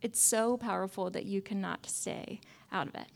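A young adult woman preaching a conversational sermon in a wry, self-mocking way, often dropping to soft asides. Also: mid-range voice, steady tone, normal speed, gravelly.

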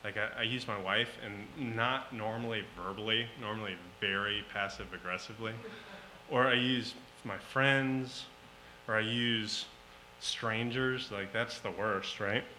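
A man preaching a sermon, slow and emphatic, rising to loud pleading at times. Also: lowish voice, steady tone, a little hiss or hum, poor audio.

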